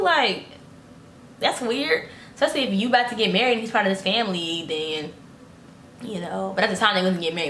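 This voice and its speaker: A young adult woman telling a casual storytime vlog, animated, acting out quotes in high voices and swearing freely. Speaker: vlogger. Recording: echoey room, faint background noise.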